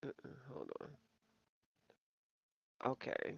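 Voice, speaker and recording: A woman hosting a casual live-stream and chatting to viewers. She rambles, calls them y'all and pokes fun at herself. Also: takes it slowly. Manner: self-deprecating. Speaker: coloring channel host. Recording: slightly dull, dry home recording.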